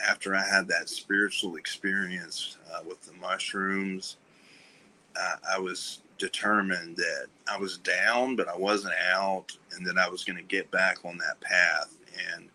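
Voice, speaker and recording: A man speaking as a podcast guest, telling a personal story candidly in a halting way, with many fillers and restarts, and often trailing off softly. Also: low-pitched, low-quality recording. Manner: soft-spoken, trailing off. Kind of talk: candid conversation about recovery.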